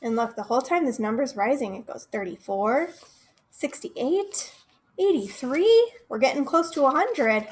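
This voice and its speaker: Young woman, children's librarian, storytime read-aloud; bright high pitch, unhurried, chats straight to the little listeners. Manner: expressive, talks straight to the kids, asks them questions.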